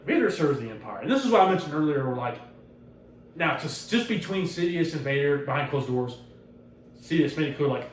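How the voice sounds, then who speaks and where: A man hosting a podcast, chatting casually in a loose, profane, animated way. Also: on the high side, fairly quick, recorded from a distance, a little hiss or hum. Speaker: podcast host. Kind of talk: casual chat. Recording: roomy echo, off-mic, faint ambience.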